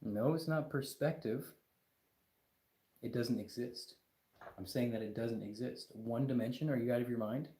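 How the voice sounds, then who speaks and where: A man's voice: medium pitch, moderate pace, long pauses, dark tone, echoey room. A man hosting a casual livestream, talking in an emphatic, exasperated rant with lots of repetition. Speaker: livestream host.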